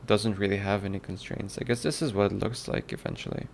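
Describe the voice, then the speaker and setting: Thinking aloud on a casual livestream, a man works on game development while reading viewer comments aloud, musing, and playing with mock accents. He talks fast in a fairly low, steady, creaky voice, and there's slight background noise.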